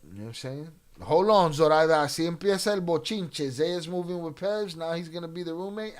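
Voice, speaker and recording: Guy streaming and reading chat, cursing a lot, kinda higher voice, spanish slang here and there. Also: moderate pace. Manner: loose, profane, mixes in Spanish slang. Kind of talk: casual live-stream chat.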